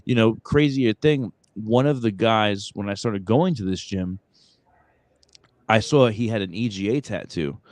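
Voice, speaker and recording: Low-voiced New man hosting. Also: unhurried, a little mellow, no echo. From Brooklyn, New York. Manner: rambling storyteller, lots of fillers and restarts. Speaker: podcast host. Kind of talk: casual podcast chat.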